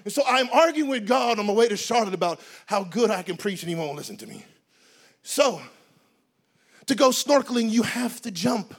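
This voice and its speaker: A male preacher with a notably high voice, delivering a sermon as a comic, animated story. He breaks into shouts now and then and keeps the delivery loose and conversational. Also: normal speed.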